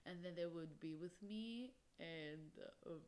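A woman's voice: fairly low pitch, slow pace, darkish tone. A young woman hosting a solo podcast, talking emphatically and passionately, with lots of "literally" and "like". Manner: emphatic, impassioned, peppered with "literally" and "like". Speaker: podcast host.

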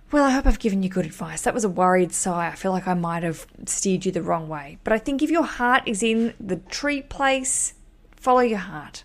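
Young woman, podcast host; casual, frank, playful, swears lightly. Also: medium pitch. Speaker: podcast host giving wedding advice.

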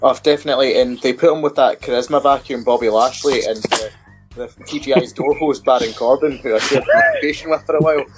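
A man's voice: mid-range voice, fast talker, music in the background, low-quality recording. Wry, opinionated man on a podcast. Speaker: podcast co-host. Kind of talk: casual wrestling chat.

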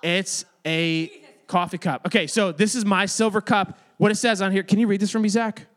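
A youth pastor with a notably high voice teaches a group of children in a loose, chatty way. He jokes often and fills his sentences with "like". He keeps the room in order as he goes. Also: fairly even intonation, moderate pace. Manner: chatty, joking, many filler "like"s; addresses and manages kids in the room. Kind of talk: casual youth sermon.

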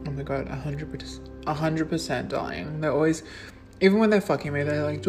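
A woman's voice: low voice, a little fast, over music. A young adult woman, answering questions in a casual vlog, blunt and sweary, with lots of likes and ums. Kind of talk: casual Q&A monologue.

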